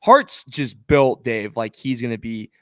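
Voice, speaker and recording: A man co-hosting a sports podcast, talking in an excitable, emphatic way in casual chat. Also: medium pitch, unhurried, no echo, studio quality. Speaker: podcast co-host.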